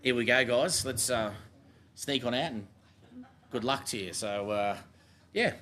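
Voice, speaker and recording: A man's voice: mid-range voice, unhurried, bright, forceful tone. An Australian man hosting a casual club show and coaching a junior footy team, laid-back and matey as he jokes with kids.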